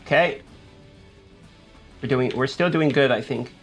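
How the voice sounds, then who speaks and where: A gaming YouTuber gives live commentary while playing, talking himself through each move, panicking, and urging himself on. His medium-pitched voice is unhurried, with soft background music underneath.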